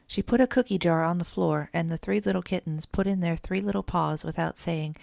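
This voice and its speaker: A woman narrating a children's storybook in a steady, gentle read-aloud manner. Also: on the low side, a little fast, gravelly, few pauses, dry recording, studio quality. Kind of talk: storybook reading.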